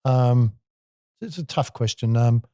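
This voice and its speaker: A man in his sixties with an Australian accent tells vivid, colourful stories as a podcast guest. His voice is mellow and relaxed. It is recorded dry and close on a studio mic. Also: mid-range voice, slow, no echo. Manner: animated, colourful storyteller. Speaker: guest, former basketball player. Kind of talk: storytelling in a podcast interview.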